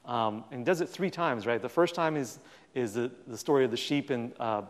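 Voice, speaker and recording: A man giving a public talk, telling stories in a lively way with plenty of fillers and acting out the dialogue. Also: medium pitch, moderate pace. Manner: animated storytelling, acts out quoted dialogue. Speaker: guest speaker. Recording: long reverb in a hall.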